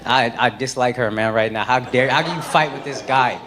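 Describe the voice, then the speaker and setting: A man's voice: mid-range voice, fairly quick, slight background noise. Brash, profane man doing crowd work. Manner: brash, profane, mock-outraged. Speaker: stand-up comedian. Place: comedy club stage with live audience. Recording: echoey club with loud crowd laughter.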